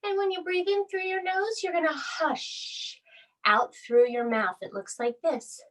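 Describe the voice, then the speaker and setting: Reading a storybook aloud during a kids' bedtime yoga session, this instructor keeps her delivery gentle, calming, and sing-song. She speaks unhurriedly in a very high voice with fairly even intonation.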